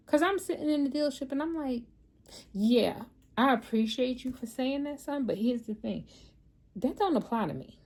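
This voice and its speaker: A woman's voice: fairly high pitch, moderate pace, darkish tone. A woman, chatting candidly to her viewers and telling stories from her day. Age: 50s. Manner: candid, storytelling, talks straight to viewers. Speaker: vlogger and mother. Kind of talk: casual chat to camera.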